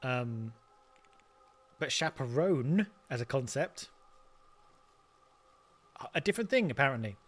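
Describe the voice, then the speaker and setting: Brief: let's-play host, mid-pitch, mulling things over out loud. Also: male voice, expressive, a little slow, long pauses. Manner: thinking aloud, stammers through repeats. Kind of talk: casual game commentary.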